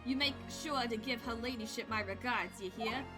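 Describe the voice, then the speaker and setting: A woman's voice: on the high side, normal speed, music in the background, natural voice. A woman voicing a brusque, self-important middle-aged male police inspector with a put-on British accent. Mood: blustering.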